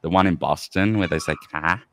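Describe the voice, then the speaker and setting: A man's voice: sits low, normal speed, background noise. A man from the United Kingdom hosting a podcast, explaining things in a rambling, casual way full of fillers. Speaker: podcast host. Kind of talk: casual chat.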